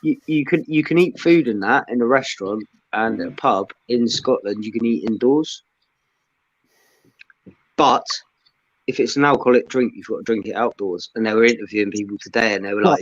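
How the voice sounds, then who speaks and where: A man's voice: lowish voice, brisk, dry recording, lo-fi sound. A man in casual banter, telling rambling anecdotes full of swearing.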